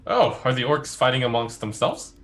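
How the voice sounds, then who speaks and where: A player in a tabletop role-play talks hesitantly, trailing fillers. His voice is mid-pitched but lively in its rise and fall. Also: normal speed.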